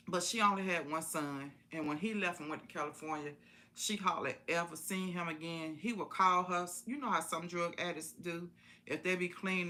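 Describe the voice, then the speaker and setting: A woman's voice: fairly low pitch, sharp tone. A woman telling a personal story in a casual, folksy way on a live stream, repeating phrases for emphasis.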